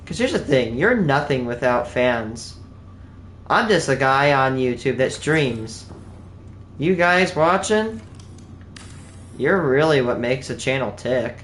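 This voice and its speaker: A young man with a mid-range, fairly bright, expressive voice streams a game live, chatting to viewers slowly with long pauses. His talk is casual, earnest and rambling, recorded in an echoey room with a faint background hum.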